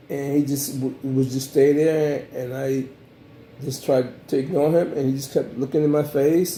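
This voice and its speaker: A man from the United States casually recapping his trip in a vlog, rambling and animated, with many fillers. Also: mid-range voice, gravelly, reverberant, a little hiss or hum. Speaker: travel vlogger.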